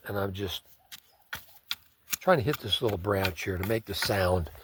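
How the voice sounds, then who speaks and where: A man's voice: lowish voice, a little hiss or hum. A man telling a story in a laid-back, conversational way, often saying "man". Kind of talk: casual spoken storytelling.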